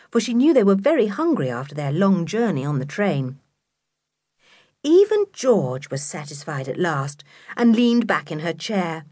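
A woman narrating a children's book in an expressive, measured storytelling voice, close to a studio mic. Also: lowish voice, no echo. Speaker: audiobook narrator.

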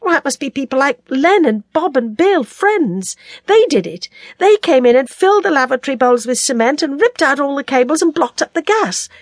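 A woman's voice: big pitch swings, moderate pace, hardly any pauses, no echo, clean studio sound. A woman playing a raging, tearful young woman. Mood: incredulous. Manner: cursing, shrill and incredulous.

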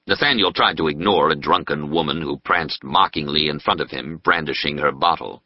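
A man narrating a historical novel in a measured storytelling voice. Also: deep voice, lively intonation, breathy edge, no room sound. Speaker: audiobook narrator. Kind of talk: scripted narration. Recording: slightly muffled dry studio audio.

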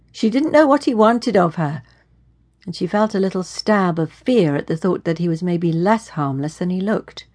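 A woman narrating a suspense audiobook in a steady, measured storytelling manner. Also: on the low side. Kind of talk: scripted narration.

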